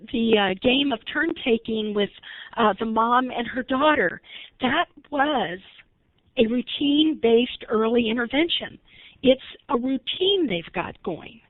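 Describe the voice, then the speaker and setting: In a fairly high voice with no echo, the trainer chats her way through a recorded early intervention webinar and asks the audience questions. It's captured on a dry, tinny, phone-like line.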